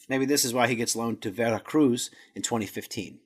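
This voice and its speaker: A man's voice: mid-range voice, moderate pace, breathy edge. A man hosting a podcast, walking through a footballer's career in casual talk, stumbling over Spanish words and poking fun at himself. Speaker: podcast host. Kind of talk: casual stats rundown.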